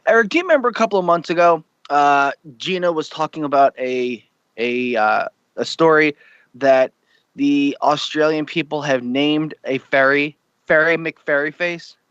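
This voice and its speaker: A man's voice: fairly high pitch, moderate pace, fairly bright tone, clean tone, no room sound. Brief: male co-host reading the chat, offhand and fumbling, dry, dull lo-fi stream audio. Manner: offhand, stumbling over names. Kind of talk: casual live-stream chat.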